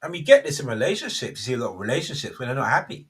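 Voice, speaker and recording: A man's voice: mid-range voice, wildly swooping pitch, racing, fairly bright tone, slightly rough. A man, hosting a casual faith talk and rambling with many self-interruptions. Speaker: host.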